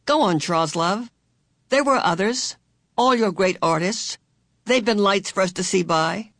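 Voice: mid-range voice, measured pace, no room sound, studio quality, voice pushed up. A reader voicing a cheerful, motherly old female being who speaks in a fond, lilting way. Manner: bright, lilting, fond, calls listeners "dear". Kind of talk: audiobook character voice.

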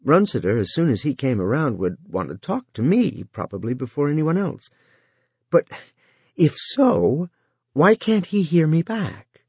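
Guy reading an audiobook, husky, dry close sound. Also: fairly high pitch, sing-song, a little slow, darkish tone, dry recording. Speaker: audiobook narrator. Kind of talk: scripted narration.

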